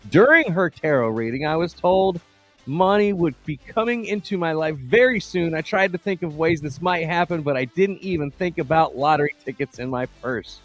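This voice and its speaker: A man's voice: a little high, expressive, normal speed, a bit bright, lo-fi sound, faint music behind. A man co-hosting a casual podcast, reading out a news story and chatting loosely with lots of laughs. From Texas. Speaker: podcast co-host. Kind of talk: casual live-stream chat.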